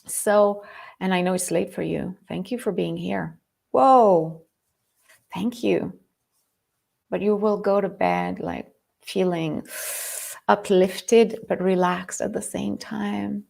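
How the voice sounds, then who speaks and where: A woman from France with a French accent, hosting a live spiritual talk and greeting viewers by name in an excitable way. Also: medium pitch, slow, creaky. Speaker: host and lightworker mentor.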